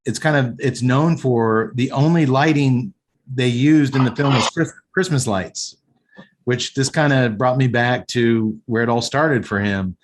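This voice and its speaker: A man in an average pitch talks eagerly through a movie on a casual podcast. He retells the scenes and mixes in his own opinions as he goes. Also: measured pace, noisy background. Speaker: podcast host. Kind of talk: casual film recap and review chat.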